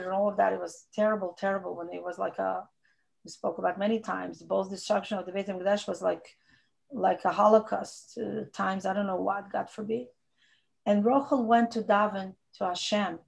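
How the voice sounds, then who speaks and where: Earnest woman with gravelly, accented English. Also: mid-range voice. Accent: non-native English. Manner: earnest, repeats phrases for emphasis. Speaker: rebbetzin teaching a women's class. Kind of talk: informal Torah talk.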